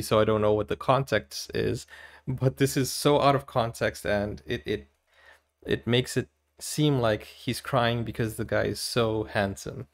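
A man from Brazil, hosting casual movie reaction commentary, chatty and giggly, with animated exclamations. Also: mid-range voice, gravelly.

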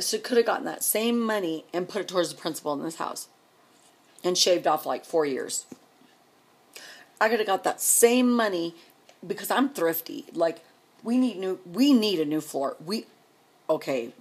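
Speaking in a lowish, husky, expressive voice at a moderate pace, a middle-aged woman vents on her vlog. Her exasperated rant to camera is full of rhetorical questions and repetition.

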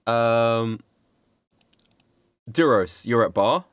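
A man's voice: mid-range voice, drawn-out words, clear, resonant tone, dry recording, studio quality. A man narrating and running a tabletop role-playing game as game master, laughing often and restarting his sentences.

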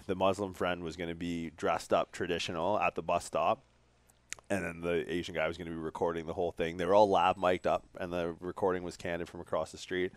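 A man's voice: low-pitched, a little fast, dry recording. A man, hosting a podcast and telling rambling, profane stories in casual chat. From Canada. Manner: profane, rambling, energetic storytelling. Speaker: podcast host.

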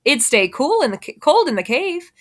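A woman reading the part of a quiet, thoughtful young girl from the city, speaking softly and with reserve. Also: sits high, very animated, moderate pace, voice pushed up. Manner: soft, reserved.

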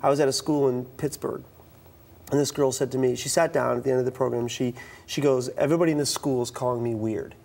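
A man's voice: mid-range voice, quick pace, creaky. A middle-aged man from the US East Coast, telling stories in a talk-show interview and acting out the dialogue. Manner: animated, acts out quoted dialogue, frequent restarts. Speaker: youth speaker.

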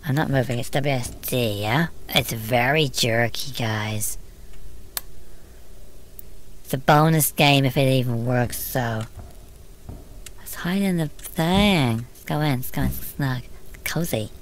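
A woman's voice: a bass voice, takes it slowly, pauses often, slight background noise. A British woman streaming a game, talking casually and muttering to herself as she plays. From Britain. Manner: chatty, exclaiming, muttering to herself. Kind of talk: casual gameplay commentary.

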